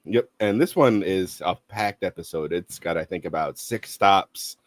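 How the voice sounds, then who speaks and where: A man's voice: deep voice, unhurried, dry recording. A man calling in to a show from the greater Boston area, chatting in an easygoing way. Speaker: caller. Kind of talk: casual call-in chat.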